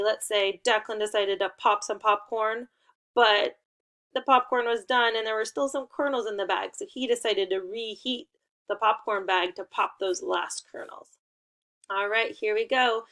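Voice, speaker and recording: A woman's voice: medium pitch, fairly bright tone. A woman teaching young children a remote lesson, giving playful and encouraging instructions.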